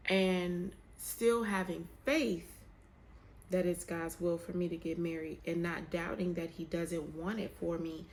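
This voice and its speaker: A young woman vlogs to camera in a room with some echo, talking candidly and emotionally about faith and waiting in a casual, heartfelt chat. Her voice is low-ish and a little mellow, her speech colloquial and drawling, with a slight hiss or hum in the audio.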